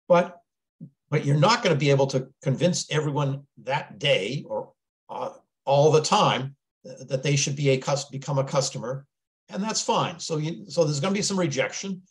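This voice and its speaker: Lively man teaching a sales webinar. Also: mid-range voice, moderate pace. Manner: earnest, repeats words as he thinks aloud. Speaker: business mentor presenting a webinar.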